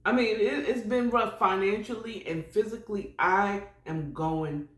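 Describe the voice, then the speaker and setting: Lady rambling slow on her morning podcast, lots of little prayers, roomy echo. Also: medium pitch, a bit bright. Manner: rambling, chatty, sprinkled with prayerful asides. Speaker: podcast host. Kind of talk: casual solo morning chat.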